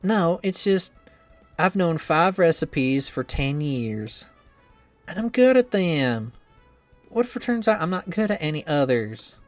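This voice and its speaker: A man's voice: fairly high pitch, big pitch swings, unhurried, no room sound, faint music behind. A man voicing a cheerful young woman trainer who is anxious about her cooking, reading a visual novel game in an earnest, rambling, self-doubting way.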